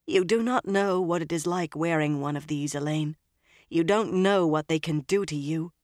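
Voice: medium pitch, moderate pace, dry recording, studio quality, lightly acted. An audiobook narrator voicing a shaken young woman freed from captivity, her voice quivering, then turning bitter. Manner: quivering, rising to sharp outbursts.

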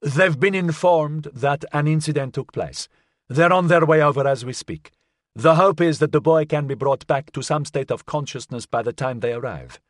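A man's voice: on the high side, moderate pace, no room sound, clean studio sound, natural voice. A man reading an audiobook, voicing a slick, condescending male official who coolly needles the woman he questions. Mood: needling.

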